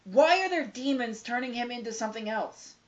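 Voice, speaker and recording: A woman's voice: on the high side, lively intonation, a little fast. A woman co-hosting a casual podcast, recapping a movie plot with sarcastic, profane asides. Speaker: podcast co-host reviewing a movie. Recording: slightly dull lo-fi sound.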